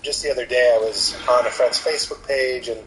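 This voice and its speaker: A man who hosts a podcast and does comedy, talking in a casual, earnest and reflective way, pausing and restarting as he thinks. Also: mid-range voice, steady tone, a bit bright. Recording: very noisy recording.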